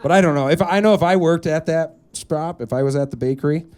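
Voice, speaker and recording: A young man doing a stand-up comedy set on a club stage, animated and quick to slip into put-on voices. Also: smooth. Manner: animated, jumps into high put-on voices for characters. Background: audience laughter.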